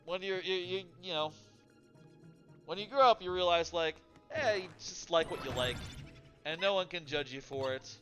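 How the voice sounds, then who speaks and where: A man's voice: sits high, moderate pace, fairly bright tone, soft background music. A man streaming a game, rambling casually with lots of fillers while he plays and answers chat. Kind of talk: casual live-stream commentary while gaming.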